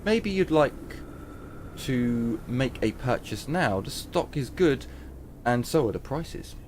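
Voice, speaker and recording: A man's voice: mid-range voice, animated, slow, darkish tone, slight background noise. A man voicing a confident male weapons trader in a game, with a salesman's patter. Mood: salesy.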